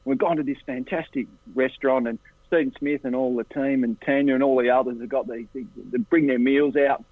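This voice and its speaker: An Australian man, an interview guest, tells casual anecdotes in an animated way. He lifts his voice into higher impressions of the people in his stories. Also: brisk, no room sound. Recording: tinny phone line, dry and husky.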